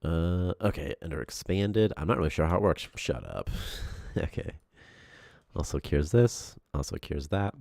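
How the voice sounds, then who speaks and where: A man's voice: deep voice, big pitch swings, moderate pace, gravelly, a little mellow, no echo, clean studio sound. A man on a game development stream, talking casually and rambling with lots of "like" and laughter. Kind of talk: casual live-stream chat.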